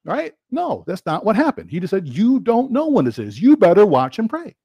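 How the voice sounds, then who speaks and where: A man preaching a sermon, quoting scripture and acting out questions and answers in lively back-and-forth. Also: high-pitched, moderate pace, breathy edge, no room sound. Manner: animated, quotes scripture and acts out rhetorical dialogue.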